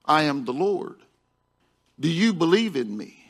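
A man voicing the Lord in a joke, speaking calmly and reassuringly from above. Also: a little high, unhurried, creaky, pitched below the performer's own voice, exaggerated voice.

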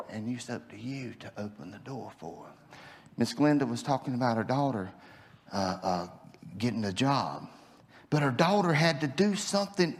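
A man preaching a sermon, impassioned, swinging between loud declarations and hushed low lines.

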